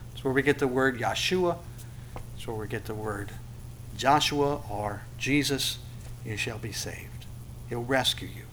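A man preaching a sermon, animated, asking rhetorical questions and repeating phrases for emphasis. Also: mid-range voice, a little hiss or hum. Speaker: pastor.

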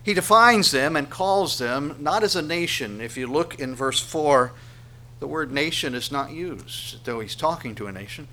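A man preaching a sermon, swinging between loud emphatic lines and hushed ones. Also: on the high side, lively intonation, normal speed, slight background noise. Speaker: pastor.

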